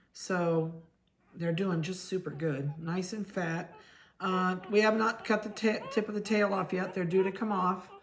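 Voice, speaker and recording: A middle-aged dog breeder from Ohio, her voice on the lower side, chats casually while handling puppies and speaking softly to them.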